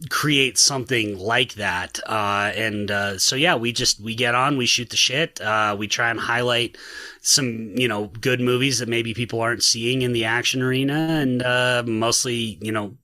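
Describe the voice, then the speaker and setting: Bright-voiced American man, laid-back. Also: medium pitch, normal speed, no echo. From Utah, USA. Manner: relaxed, laid-back, joking. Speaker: podcast guest. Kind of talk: casual podcast chat. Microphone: video call.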